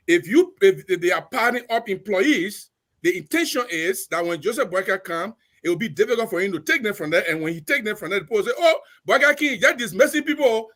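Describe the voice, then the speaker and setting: A man's voice: high voice, fairly bright tone. A man giving impassioned political commentary on a talk show, emphatic and repeating his points. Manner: preachy, emphatic, repeats phrases.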